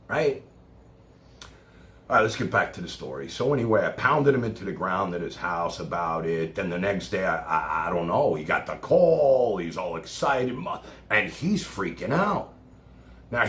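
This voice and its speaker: A man from Brooklyn with a New York accent, livestreaming a rambling monologue from his chair, swinging from loud outbursts to low mutters and cursing freely. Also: animated, moderate pace. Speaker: live streamer. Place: home room, seated in chair. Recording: roomy echo, faint background noise.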